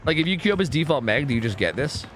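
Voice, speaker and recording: A young man streaming a game, talking casually and swearing as he thinks out loud. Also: fairly high pitch, racing, a little hiss or hum. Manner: animated, profane, thinks out loud. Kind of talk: casual live-stream gameplay commentary.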